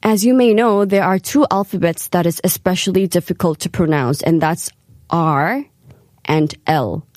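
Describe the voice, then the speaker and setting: A woman hosting a scripted radio segment, reading carefully with lively emphasis. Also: on the low side, normal speed, no echo, clean studio sound. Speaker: radio host.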